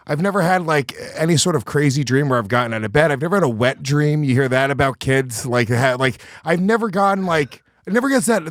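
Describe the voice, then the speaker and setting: Male podcast host, slightly high voice, laid-back reactions, dry mic. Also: dry recording. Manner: laid-back, says "dude". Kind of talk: casual chat.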